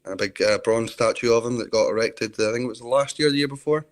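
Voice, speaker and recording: A Scottish man appears as an interview guest on a video call, telling rambling stories in casual chat. His voice sits at a medium pitch and moves fairly quickly.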